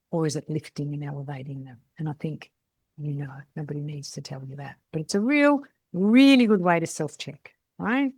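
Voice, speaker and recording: A woman's voice: fairly low pitch, darkish tone, no echo. Blunt chatty woman mentor. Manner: chatty, blunt, tags sentences with "right?". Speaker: salon business mentor. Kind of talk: casual coaching talk.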